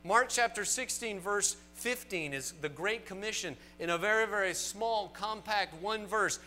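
A man with a Southern US accent preaching a sermon to a congregation, animated and emphatic with folksy asides. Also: high voice, measured pace, soft background music. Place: church sanctuary.

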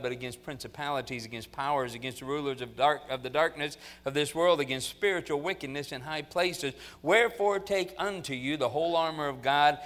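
A man preaching a jokey, rousing sermon at a college chapel. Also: on the high side. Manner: jokey, loud and rousing with the crowd.

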